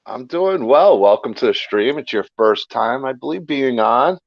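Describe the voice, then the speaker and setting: Give me a relaxed male livestream host with a gravelly voice, recorded dry and a bit dull. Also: medium pitch, normal speed, no echo. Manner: relaxed, joking. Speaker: show host. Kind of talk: casual livestream chat. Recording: dry, dull lo-fi stream audio.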